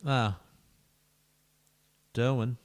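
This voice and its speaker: A man's voice: medium pitch, fairly even intonation, drawn-out words. A man, streaming a football management game and talking playfully to each player, often dropping to a whisper. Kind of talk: live-streamed game commentary.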